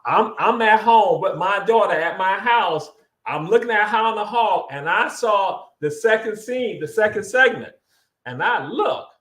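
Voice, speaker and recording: A man's voice: sits high, measured pace, reverberant, low-quality recording. A man with a Southern US accent hosting a casual chat, telling stories with lots of repeated phrases. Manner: animated storytelling, repeats phrases. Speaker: show host.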